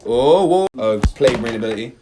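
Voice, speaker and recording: Male wargame commentator, mid-range voice, animated, prone to loud outbursts over rolls. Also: medium pitch, fast talker, background noise. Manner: animated, bursts of loud cheering and groans. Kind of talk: excited tabletop battle commentary.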